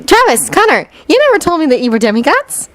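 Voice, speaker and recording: A woman voicing an eager, bookish teenage girl who fires off excited questions. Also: high voice, voice pushed up. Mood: intent. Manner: excited rapid-fire questions.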